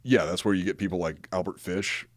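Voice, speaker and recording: A man's voice: low-pitched, fairly even intonation, brisk, dry recording, clean studio sound. A man co-hosting a casual podcast, reading from his notes and breaking off into profane, joking asides. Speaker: podcast co-host.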